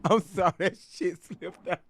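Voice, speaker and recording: A man's voice: high voice, fairly even intonation, moderate pace. Profane, mocking male commentary host. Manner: profane, mocking, laughs often. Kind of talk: casual reaction commentary.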